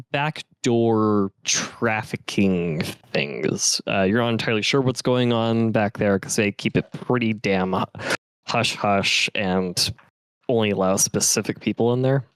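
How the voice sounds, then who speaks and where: A man with a low, fairly deep voice runs a tabletop game, describing scenes in a loose, casual way. The sound is dry and close, with almost no room around it. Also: slow, clear, resonant tone, no room sound. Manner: casual, relaxed scene-setting with fillers. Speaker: game master.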